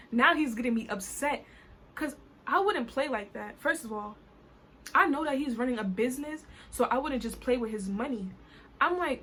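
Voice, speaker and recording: A woman from New Jersey telling a story time vlog in an animated, colloquial way, full of "I was like". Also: high-pitched, normal speed, a little hiss or hum. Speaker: vlogger.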